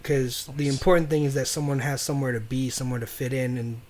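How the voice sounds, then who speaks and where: A man's voice: mid-range voice, fairly even intonation, fast talker, background noise. A young man co-hosting a casual podcast chat, rambling and repeating words as he thinks. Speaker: podcast co-host.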